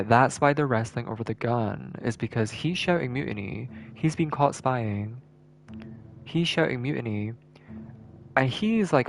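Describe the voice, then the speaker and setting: A man's voice: mid-range voice, normal speed, vocal fry, a little hiss or hum. A male streamer giving casual gameplay commentary, thinking aloud and repeating words as he works things out.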